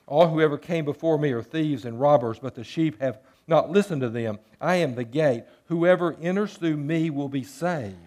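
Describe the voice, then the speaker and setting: A man's voice: on the high side, normal speed, few pauses, a little mellow. A man preaching a sermon, moving between earnest scripture reading and playful jokes with sheep bleats. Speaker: pastor.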